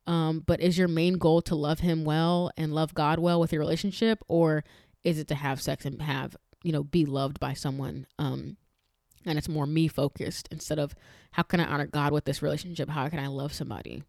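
A woman's voice: low voice, steady tone, moderate pace, gravelly, a little mellow, no echo, studio quality. A woman hosting a faith-based podcast, talking earnestly and with emphasis, chatting directly to her listeners with frequent restarts. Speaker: podcast host.

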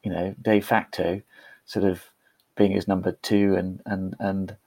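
A man's voice: low-pitched, little pitch movement, a little slow, creaky, mellow, no room sound. A man, a podcast guest, telling a personal story in a chatty, self-deprecating way with frequent restarts. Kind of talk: conversational storytelling.

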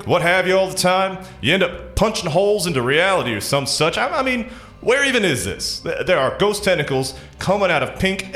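A man voicing a one-armed male gunslinger who sounds bewildered and exasperated, often pitching up high. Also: a bit bright. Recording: roomy recording with faint music.

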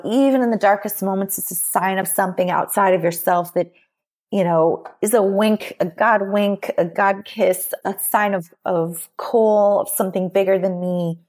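A woman's voice: medium pitch, darkish tone. A middle-aged woman, a podcast guest, telling a personal story in an earnest, heartfelt way with many restarts. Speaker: podcast guest, memoir author.

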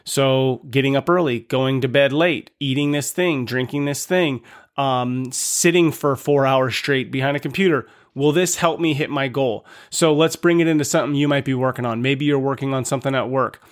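A man's voice: mid-range voice, moderate pace. Earnest man hosting a fatherhood podcast. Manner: earnest, conversational, asks listeners many questions. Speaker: podcast host. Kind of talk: casual motivational monologue.

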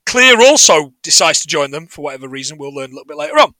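A man's voice: fairly high pitch, big pitch swings, fast talker, sharp tone, no echo. A man co-hosting a podcast, recapping a film in casual chat, sardonic and sweary, often laughing at his own jokes. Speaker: podcast co-host.

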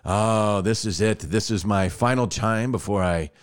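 A man's voice: lowish voice, a little slow, clear, resonant tone, lightly acted. A man putting on a corny, rambling male rock star hosting a radio show, mumbling schmaltzy farewells.

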